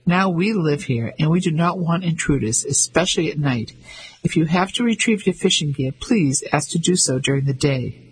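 A man's voice: a little high, animated, moderate pace, slightly rough, poor audio. A man doing a haughty Englishwoman. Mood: stern. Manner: defiant, demanding. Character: indignant haughty Englishwoman, middle-aged.

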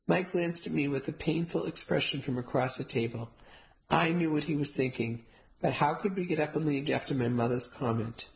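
A woman's voice: low-pitched, normal speed, vocal fry, low-quality recording. A woman narrating a first-person novel, telling the story steadily with light character voices. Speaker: audiobook narrator.

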